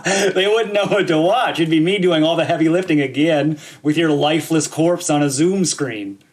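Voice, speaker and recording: A young man co-hosting a casual podcast chat over a video call, animated and acting out what others said. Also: a little high, moderate pace. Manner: animated, acts out quoted voices. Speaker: podcast co-host.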